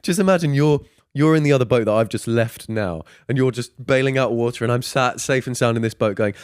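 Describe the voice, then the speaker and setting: A British man with a mid-pitched voice, recorded close and dry with no room sound. He chats casually on a podcast, makes playful jokes about himself and laughs often. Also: fairly quick, clear, resonant tone, dry recording. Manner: joking, playful, laughs a lot. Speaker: podcast co-host. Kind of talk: casual chat.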